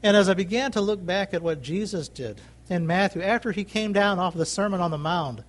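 High-voiced man preaching a sermon. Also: fairly quick. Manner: emphatic, repeats phrases, calls for amens.

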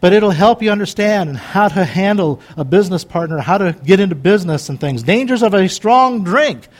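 A man's voice: sits high, lively intonation, normal speed. A man in his fifties preaching in a folksy, conversational way, joking and wandering into chatty asides. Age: 50s. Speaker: pastor.

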